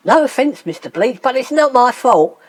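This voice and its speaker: A woman's voice: high-pitched, animated, normal speed. A woman voicing a blunt, cheeky Cockney woman in a comedy sketch. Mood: brash.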